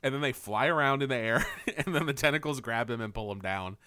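A man's voice: mid-range voice, fast talker, smooth, no room sound, studio quality. A young man co-hosting a podcast, retelling a cartoon episode in casual chat and laughing often. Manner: laughs often, animated retelling with mock quotes.

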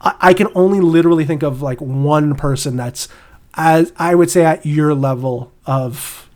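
A man's voice: on the high side, normal speed, darkish tone. A young Canadian man co-hosting a casual podcast chat, rambling with many restarts. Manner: rambling, restarts and laughs often. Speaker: podcast co-host.

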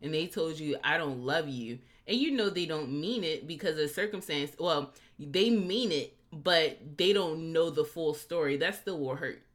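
A lower-pitched woman co-hosts a casual podcast, talking through a TV episode with animated energy. She acts out the characters' lines and her voice leaps up for them. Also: moderate pace, hardly any pauses. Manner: animated, acts out quotes with big pitch jumps. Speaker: podcast co-host. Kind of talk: casual chat recapping a TV episode.

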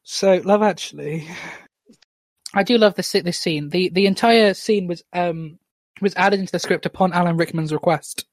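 A man's voice: high voice, moderate pace, no echo. Male podcast host, casual and chatty, fillers, dry video call audio. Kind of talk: casual chat.

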